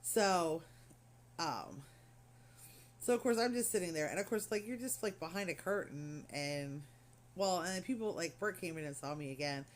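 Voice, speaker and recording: A woman's voice: lowish voice, moderate pace, slight background noise. Chatty middle-aged woman rambling a story. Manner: rambling, chatty, lots of fillers and asides. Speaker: craft vlogger. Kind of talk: casual storytelling vlog.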